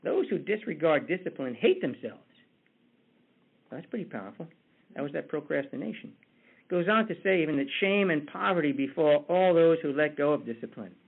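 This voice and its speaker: Husky man, tinny phone-like sound. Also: fairly high pitch, animated, a little fast. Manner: conversational, repeats words when restarting. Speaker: motivational speaker. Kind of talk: motivational talk with storytelling.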